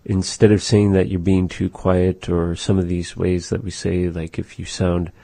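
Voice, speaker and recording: A man teaching words of his language in a casual lesson, saying them slowly and repeating them. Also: deep voice, little pitch movement, vocal fry, dark tone, no echo.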